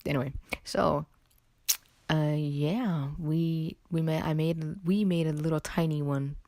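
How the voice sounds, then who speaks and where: A woman's voice: low-pitched, fairly even intonation, measured pace, warm tone, dry recording, studio quality. A young woman from California hosting a casual solo podcast, chatty and rambling, a little under the weather. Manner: rambling, chatty, self-interrupting with "like" and "anyway". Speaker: podcast host.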